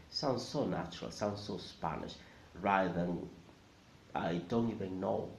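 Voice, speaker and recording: A man teaching a language in a video lesson, lively and emphatic, repeating words slowly for practice. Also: low voice, creaky, a little hiss or hum. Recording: echoey room, dull lo-fi sound.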